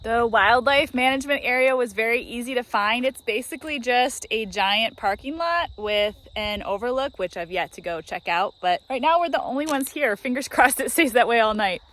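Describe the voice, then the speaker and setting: A woman's voice: a little high, animated, normal speed, few pauses, fairly bright tone, low-quality recording. Chatty woman vlogging a road trip. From United States. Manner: chatty, laughs often, enthusiastic. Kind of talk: casual travel vlog. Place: in her car and outdoors at a scenic overlook.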